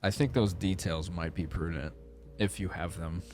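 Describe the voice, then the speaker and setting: A man playing in a tabletop game, speaking in a formal, dry, measured way. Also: deep voice, steady tone, darkish tone. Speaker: player.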